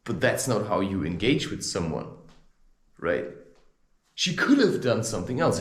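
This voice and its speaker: This spiritual advice vlogger delivers a heated, animated ranting monologue, his pitch swinging widely at a measured pace with long pauses. A noticeable echo rings through his room.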